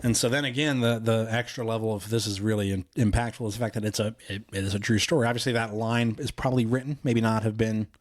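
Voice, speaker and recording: A man's voice: fairly low pitch, steady tone, fast, few pauses, no echo, clean studio sound. A man co-hosting a podcast, retelling a film in a casual, rambling way, with lots of "you know" and "like". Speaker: podcast co-host.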